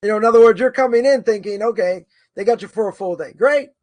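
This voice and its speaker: High-voiced man lecturing informally. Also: quick pace, darkish tone, no room sound. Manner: thinking aloud, argues both sides, many repetitions and "right?". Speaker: Torah course teacher. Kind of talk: informal lecture answering a question.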